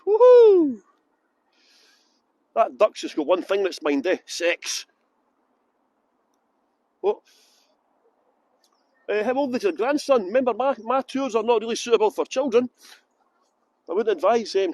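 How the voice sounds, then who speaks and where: Cheeky high-voiced Scottish tour guide. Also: male voice, moderate pace, long pauses, darkish tone, no room sound. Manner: cheeky, joking, chatty greetings to viewers. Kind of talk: livestreamed walking tour chat. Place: city streets outdoors. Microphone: phone on a gimbal.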